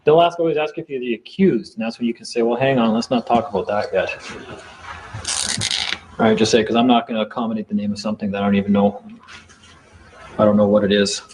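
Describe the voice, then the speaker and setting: A man's voice: lowish voice, quick pace, pauses often, darkish tone, highs cut off, a little hiss or hum. A man giving a casual talk to a small group, rambling and repeating himself as he acts out exchanges in court. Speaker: seminar speaker.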